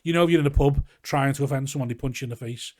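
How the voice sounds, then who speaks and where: A young man with a Scouse accent talks quickly and loosely, piling up asides and running jokes as he goes. The recording is close and dry, with no room sound around him. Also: mid-range voice, no echo. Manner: rambling, animated storytelling with swearing. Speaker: comedian guest. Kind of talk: casual podcast chat. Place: garage.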